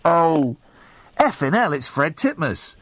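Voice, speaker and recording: A man hosting a late-night radio show, chatting in an animated, laughing way with callers and a co-host. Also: a little high, slow, husky, no room sound.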